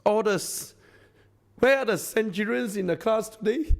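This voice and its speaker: A company founder with a Singaporean English accent gives an effusive, repetitive live speech on stage, rallying his masterclass audience. His voice sits high and is creaky, at a moderate pace.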